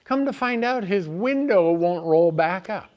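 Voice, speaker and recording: A middle-aged man telling a comic story, exasperated, swinging between quiet asides and loud outbursts. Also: sits high, lively intonation, measured pace, smooth.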